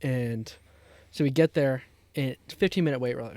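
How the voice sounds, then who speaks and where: Telling an anecdote on a podcast he co-hosts, a young man brings the characters to life with acted-out lines and easy swearing. His voice is mid-range and fairly quick, with no room sound.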